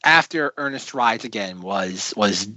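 Lively-voiced podcast guy, dry sound. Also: on the low side, a little slow, no room sound. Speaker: podcast co-host. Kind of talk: casual chat.

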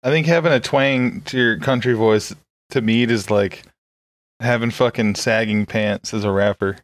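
A man's voice: fairly low pitch, fairly even intonation, moderate pace, dry recording. A man co-hosting in casual chat, making joking, crude quips.

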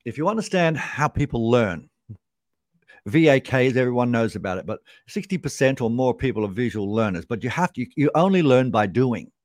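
A man's voice: medium pitch, big pitch swings, brisk, no room sound, clean studio sound. A man, a sales trainer explaining his method as a podcast guest, punchy and repeating key points for emphasis.

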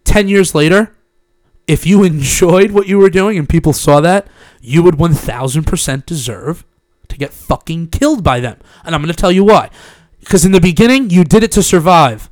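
A man's voice: fairly high pitch, animated, normal speed, dry recording. Young man rambling through a profane story. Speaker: podcast co-host. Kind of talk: casual chat. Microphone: studio mic.

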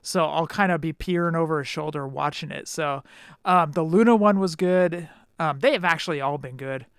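Laid-back male co-host, smooth and clear, slightly high voice, dry booth sound. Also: normal speed, a bit bright, no echo. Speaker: podcast co-host. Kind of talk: casual chat.

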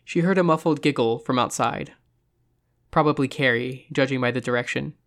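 Casting: suspenseful horror audiobook narrator, measured delivery, middle pitch. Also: a bit bright. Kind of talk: horror story reading.

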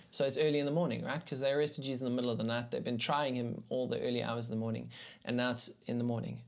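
Animated man teaching scripture on a livestream. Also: mid-range voice, quick pace, vocal fry. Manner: conversational and animated, greets viewers in the chat; reads scripture aloud with emphasis. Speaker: pastor teaching an online series. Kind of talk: live-streamed Bible teaching.

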